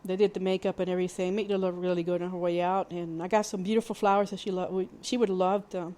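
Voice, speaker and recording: A woman hosting a podcast, telling a personal story in a candid, plainspoken way, with halting restarts and fillers. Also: on the low side, flat delivery, dark tone. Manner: candid and plainspoken, with mild swearing. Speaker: podcast host.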